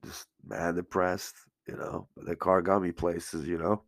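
A man's voice: sits low, little pitch movement, a little slow, vocal fry, dry recording, clean studio sound. A man hosting a solo podcast, talking casually and earnestly, sometimes choked up and swearing freely. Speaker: podcast host. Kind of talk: emotional casual monologue.

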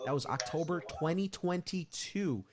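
A man with a somewhat high voice talks on a casual podcast. He reads out news items one after another and drops sarcastic asides between them. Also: moderate pace, crowd noise. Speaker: podcast co-host.

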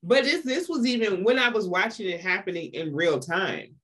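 A podcast co-host in casual chat with a stuffy nose, expressive and profane, laughing often and acting out quotes. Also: mid-range voice, moderate pace. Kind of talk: casual chat recapping a TV series.

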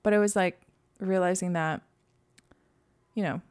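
A woman's voice: lowish voice, steady tone, unhurried, a little mellow, clean tone. A young woman co-hosting a casual podcast, chatty and upbeat, with lots of filler words. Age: young adult. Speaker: podcast co-host. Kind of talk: casual chat.

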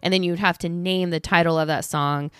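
A woman's voice: fairly low pitch, steady tone, brisk, a bit bright, clear, resonant tone, dry recording, clean studio sound. A woman hosting her own podcast from her home office, telling stories in a casual, chatty way, acting out what people said and swearing now and then. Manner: chatty storytelling, acts out quotes, swears. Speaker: podcast host. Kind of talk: casual chat.

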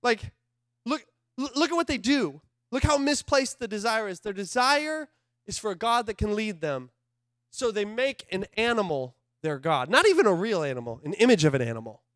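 An animated male pastor preaching with a high, light voice. He talks conversationally and jumps from loud, excited bursts to quiet, hushed asides. The sound is dry and close, with little room echo. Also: moderate pace. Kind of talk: sermon.

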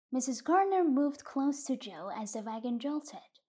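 A woman narrating a literary short story in a calm, measured audiobook reading. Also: high voice, breathy edge.

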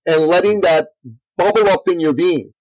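A man guest on an interview, a business coach telling a story in an energetic, conversational way. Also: high-pitched, normal speed, dry recording, poor audio. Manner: energetic, lively storyteller, acts out quotes.

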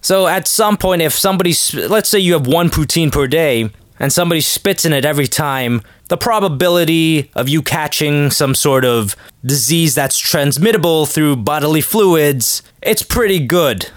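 A man's voice: a little high, lively intonation, moderate pace, dry recording, studio quality. Joking man rambling on a podcast. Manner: rambling, joking, acts out quotes in voices. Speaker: podcast host. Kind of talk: casual comedic monologue.

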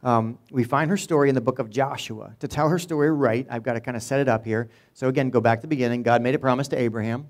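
A middle-aged man preaches to his congregation as their pastor. He tells the story in a loose, conversational way, tossing in little jokes and asides as he goes. His voice sits at an ordinary pitch for a man. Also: steady tone, fast, hardly any pauses. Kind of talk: sermon.

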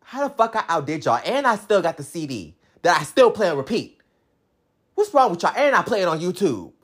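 This young woman's voice is fairly low, slightly rough and fairly quick, with big swings in pitch. In a sassy comic rant to camera, she combatively and profanely brags about being the top fan.

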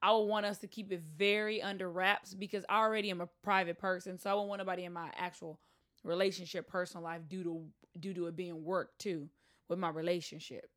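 A woman's voice: fairly low pitch, flat delivery, a little fast, fairly bright tone. A woman co-hosting a casual chat, bubbly and talkative, laughing often.

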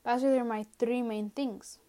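A young woman hosts a casual solo podcast rant from home, her voice on the high side, steady in tone, mellow, and moderately paced. She rambles and mocks herself, drifting into trailing asides while sounding a bit out of breath.

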